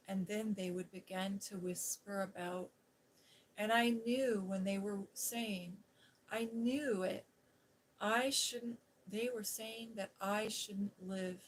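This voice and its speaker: A woman voicing a sullen, sickly little boy in a storybook, keeping close to her own soft voice. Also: mid-range voice, slight background noise, close to an everyday voice, rough recording.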